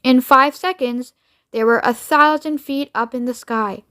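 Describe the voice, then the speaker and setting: A woman reads a children's storybook aloud in a steady narrating voice. Her tone sits fairly high but calm, keeping an even pace through the story. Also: unhurried. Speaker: reader.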